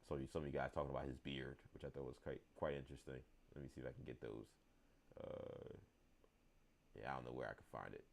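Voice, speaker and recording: A show host in his thirties talks casually during a live show, rambling with many fillers and restarts as he reads the chat. He has a bass voice with vocal fry.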